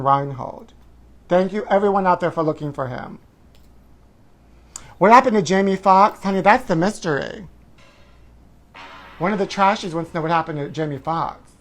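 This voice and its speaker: Campy man hosting a live stream. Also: high-pitched. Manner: campy and theatrical, calls everyone honey, whoops. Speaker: host. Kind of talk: live-stream chat reading viewer comments.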